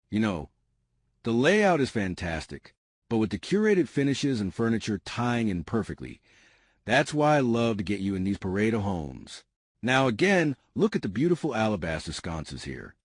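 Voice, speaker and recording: Animated low-voiced man touring a house. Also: husky, no echo, clean studio sound. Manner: enthusiastic, addresses viewers as family. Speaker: home tour host. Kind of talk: enthusiastic real estate walkthrough. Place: inside a large house.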